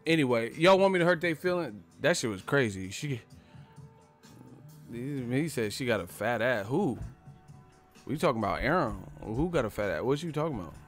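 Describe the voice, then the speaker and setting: A man's voice: mid-range voice, expressive, moderate pace, soft background music. A man hosting a casual live boxing chat, brash and profane, talking with frequent laughs. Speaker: boxing channel host. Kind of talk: casual live-stream commentary.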